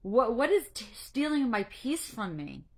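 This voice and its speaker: A woman anxiety coach giving an earnest, faith-based encouragement talk, emotional and halting, stumbling and restarting as she speaks. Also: on the high side, big pitch swings. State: emotional, near tears.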